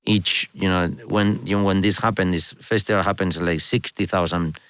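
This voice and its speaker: Spanish-accented man telling animated stories. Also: low-pitched, normal speed, smooth, no echo. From Spain. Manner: animated storyteller, laughs often, many restarts. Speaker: guest, orchestra conductor. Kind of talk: casual interview chat.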